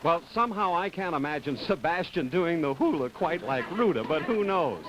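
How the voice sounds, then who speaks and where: A man announcing clues on a TV game show in a lively, playful way. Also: a little high, moderate pace. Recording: noisy 1960s TV broadcast.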